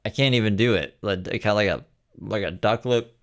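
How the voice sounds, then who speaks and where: A man's voice: on the low side, brisk. A man streaming, joking and swearing as he comments on replayed clips and thanks viewers. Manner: joking, profane, chatty asides.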